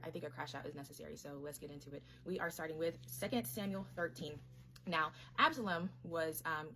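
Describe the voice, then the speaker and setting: A woman's voice: low-pitched, fairly bright tone, slight background noise. A woman hosting a casual Bible series, retelling scripture in chatty slang and acting out the characters' lines. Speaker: Bible storytelling host.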